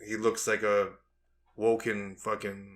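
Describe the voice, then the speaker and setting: A young man hosting a podcast, chatting casually and telling animated stories with acted-out quarrels. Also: fairly low pitch, slow pace. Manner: animated storytelling, acts out quarrels. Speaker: podcast host. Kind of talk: casual chat.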